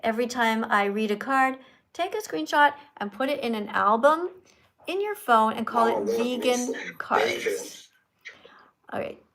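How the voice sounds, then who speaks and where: A woman's voice: on the high side, very animated, a little slow, vocal fry, crowd noise. A woman hosting a livestream, lecturing her viewers in an emphatic, preachy, teacherly way. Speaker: livestream host and vegan activist.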